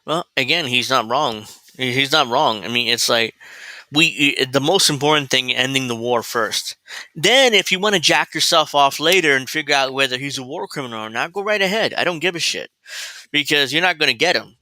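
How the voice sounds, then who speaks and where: A man hosts a political commentary livestream in a blunt, rambling, profane way, mocking as he goes. His voice is very bright and cutting. The sound is close and dry. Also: mid-range voice, animated, a little fast, dry recording, low-quality recording. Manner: mocking, laughs at his own points. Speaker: commentary show host.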